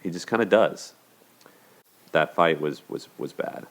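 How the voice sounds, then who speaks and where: Speaking with a low pitch, lively intonation, and some vocal fry, this male show host keeps a measured pace. He chats casually about relationships, leaning heavily on fillers like "you know" and "like" and frequently starting over mid-thought.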